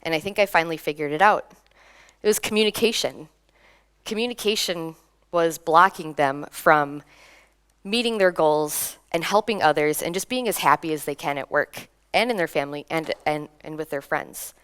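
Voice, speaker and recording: A young woman from Minnesota giving a lively conference talk, laughing between points and drawing in the audience. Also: low voice, normal speed, clean tone. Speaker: conference speaker. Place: conference hall.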